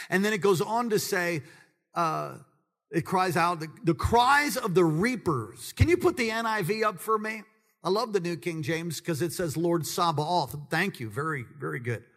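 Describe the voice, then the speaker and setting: A man preaching a sermon to his congregation, swinging between calm teaching, humorous asides and loud, high-pitched passionate preaching. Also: in a large hall. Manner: builds to loud, high-pitched preaching, then drops low and conversational. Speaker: pastor. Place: church sanctuary with congregation.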